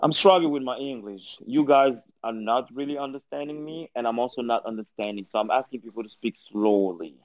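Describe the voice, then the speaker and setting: A man from Angola with a French accent, a podcast guest telling stories in an animated, laughing way with halting restarts over a remote call. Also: mid-range voice. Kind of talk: casual storytelling chat.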